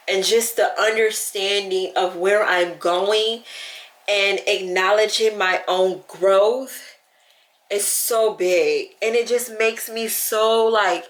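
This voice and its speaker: A woman's voice: mid-range voice, fairly even intonation, slow. A woman vlogger talking to her camera, chatty and heartfelt, close to tears as she speaks. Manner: tearful and heartfelt, close to crying; chatty, lots of "like" and quoting herself. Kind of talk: emotional talk to camera. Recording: echoey room.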